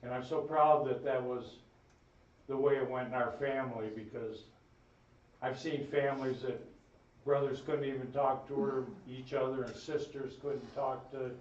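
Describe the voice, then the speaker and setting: A man's voice: mid-range voice, little pitch movement, moderate pace, a little mellow. Folksy man giving a eulogy in an echoey chapel. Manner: folksy, rambling storytelling. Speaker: eulogist, brother of the deceased. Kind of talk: funeral eulogy with family stories. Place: funeral home chapel. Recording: echoey room, distant mic, dull sound.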